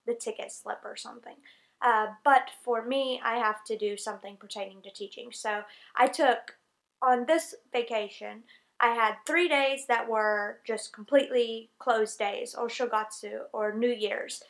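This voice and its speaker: Chatty young woman with a Southern accent. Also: on the high side. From North Carolina, USA. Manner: chatty and rambling, many fillers and self-corrections. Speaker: English teacher on exchange program. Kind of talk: casual vlog talk.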